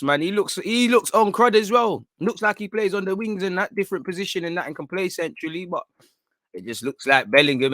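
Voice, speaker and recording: A man's voice: a little high, fairly bright tone, dry recording, clean studio sound. Bantering young man. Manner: banters with viewers, laughs often, street slang. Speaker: football channel host. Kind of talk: casual livestream chat.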